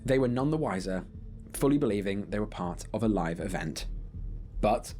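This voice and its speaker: A man giving measured, grim scripted narration for an online documentary. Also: fairly low pitch, expressive, a little mellow, soft background music.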